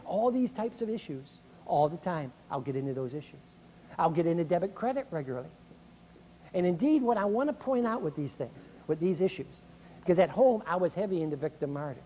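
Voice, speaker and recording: A man's voice: high-pitched, a little hiss or hum. A middle-aged man giving a motivational speech to school staff, acting out complaints in a raised voice. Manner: animated, acts out complaints in a raised voice. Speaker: speaker. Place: speech hall, recorded 1990.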